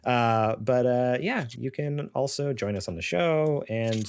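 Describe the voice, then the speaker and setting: A man's voice: mid-range voice, animated, measured pace, smooth. A man co-hosting a gaming podcast in casual chat, rambling with lots of fillers and frequent laughs. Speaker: podcast co-host.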